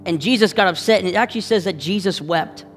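A man preaches a sermon with a high, lifted voice. He drives his points home through repetition and switches into the voices of the people he quotes. His words ring out in a reverberant hall over faint background music. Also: quick pace, a bit bright. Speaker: pastor.

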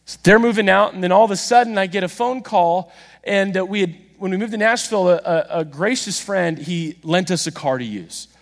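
A man preaching a sermon, telling a story with animated, self-deprecating humor and acting out the dialogue himself. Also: high voice, fairly quick. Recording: long reverb of a large hall.

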